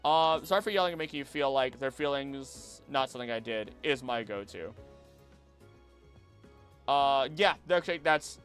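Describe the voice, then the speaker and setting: A man's voice: medium pitch, moderate pace, fairly bright tone, soft background music. A young man streaming a game and chatting casually with his chat, repeating himself and using many fillers.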